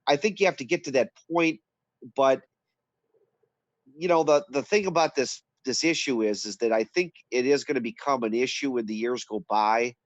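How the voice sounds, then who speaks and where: A middle-aged male guest sounds congested from a cold and stumbles through his points, repeating words. His voice sits at an ordinary pitch. The audio is dry and dull, like a cheap stream connection. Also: dry recording. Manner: halting, repeats words and fills with "uh". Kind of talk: casual conversation on a live stream.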